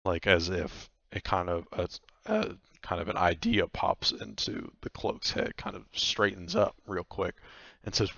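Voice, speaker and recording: Slow, gravelly game master. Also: male voice, low voice, very animated, pushed and bright, dry recording, lo-fi sound. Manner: hesitant, full of fillers. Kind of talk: narrating a tabletop game.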